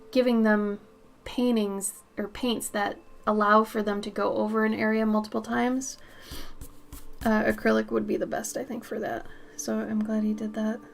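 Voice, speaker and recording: A creaky, rather high-pitched young woman streams herself painting and chats casually with her audience. Allergies leave her somewhat sniffly; she reads and responds to viewer messages and curses whenever a sneeze hits.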